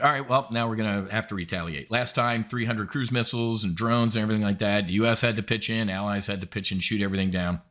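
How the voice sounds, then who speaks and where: A man's voice: mid-range voice, fairly bright tone. A man hosting an options trading show, giving blunt, indignant market commentary with emphatic outbursts.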